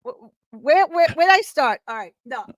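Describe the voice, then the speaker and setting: Woman, podcast guest, high voice, animated, rambling, laughs a lot, dry close sound. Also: moderate pace, no room sound. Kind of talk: casual chat.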